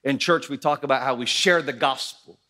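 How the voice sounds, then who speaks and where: A male pastor telling a story in a sermon, animated, acting out the voices of the people in it. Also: medium pitch, a little fast. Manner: animated, acts out voices in anecdotes.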